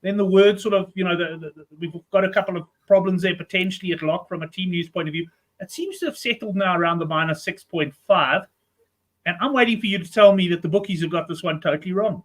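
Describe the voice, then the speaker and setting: Guy hosting a betting show, fairly high voice, easygoing chatter. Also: fast talker. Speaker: show host.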